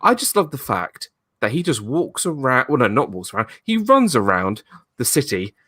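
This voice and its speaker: A man hosting a casual live-stream chat over a video call, talking with enthusiasm and loudly acting out movie quotes. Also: medium pitch, very animated, moderate pace, slightly rough, dry recording. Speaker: host.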